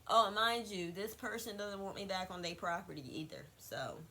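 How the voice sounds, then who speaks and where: A young woman vlogger telling a gossipy storytime, animated and repetitive, swearing freely. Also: medium pitch, moderate pace, low-quality recording.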